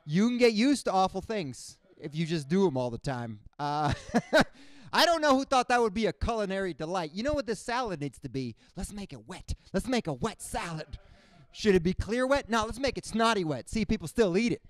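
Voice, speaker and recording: A young man from Cuba works through a stand-up set with a smooth, clear voice held close to the mic in a dry sound. His everyday pitch sits a little high, and he keeps breaking into animated, squeaky character voices. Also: moderate pace, dry recording. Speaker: stand-up comedian. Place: comedy stage before a live audience.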